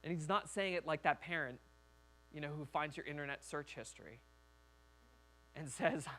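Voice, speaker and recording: A man's voice: a little high, moderate pace, pauses often, pushed and bright. A man preaching a sermon as a pastor in a church, talking conversationally and acting out quoted voices.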